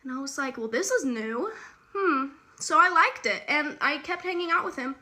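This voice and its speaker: A woman's voice: high voice, animated, moderate pace, pushed and bright. A young woman chatting candidly with the viewer in a casual storytime. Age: young adult.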